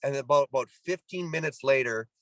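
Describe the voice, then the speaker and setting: Gravelly and mid-range, his voice moves briskly, recorded dry and in low quality. The speaker is a middle-aged Canadian who used to play pro ball, guesting in a casual interview with an animated story in which he acts out the people he quotes and restarts his sentences often.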